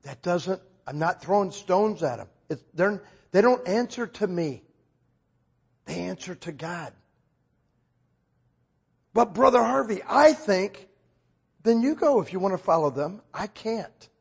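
A man preaching a conversational sermon, telling stories and acting out dialogue with sudden loud outbursts. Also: sits high, animated, unhurried, slightly rough.

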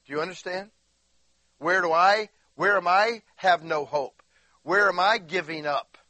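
High, bright-voiced preaching man. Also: a little slow, no room sound. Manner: emphatic, swings from quiet asides to crying shouts. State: in constant bodily pain. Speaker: pastor. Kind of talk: sermon.

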